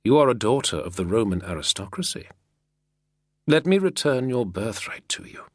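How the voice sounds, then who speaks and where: A man's voice: mid-range voice, big pitch swings, normal speed, no room sound, studio quality, voice pushed up. Man voicing a sardonic drawling schemer. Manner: artful sardonic drawl, purring. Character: sly sardonic male schemer, smooth and persuasive. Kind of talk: audiobook character reading.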